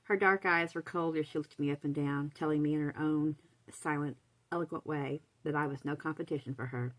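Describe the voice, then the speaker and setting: A woman narrating a novel in the first person, in a measured, dramatic reading voice. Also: deep voice, fairly even intonation, fairly bright tone, poor audio. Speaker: audiobook reader.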